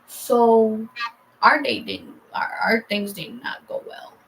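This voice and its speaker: A woman in her twenties telling a rambling personal story in casual chat, her voice hoarse and giving out, acting out conversations as she goes. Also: fairly high pitch, animated, slow pace, a bit bright, slight background noise, low-quality recording. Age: 20s. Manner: rambling, acts out conversations in quotes. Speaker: vlogger.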